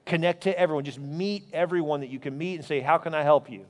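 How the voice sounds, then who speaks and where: Pastor preaching in a reverberant hall. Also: male voice, quick pace, few pauses. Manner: animated storytelling, voice rising high in anecdotes. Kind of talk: sermon.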